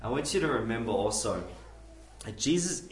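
Impassioned preacher in an echoey hall. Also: male voice, mid-range voice, expressive, normal speed. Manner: impassioned, swinging from hushed to loud. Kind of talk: camp sermon. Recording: echoey room, mic at a distance.

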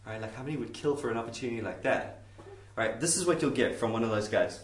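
A man preaching a sermon in an animated, jokey, conversational way, heard in a roomy hall from a distant mic. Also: medium pitch, quick pace.

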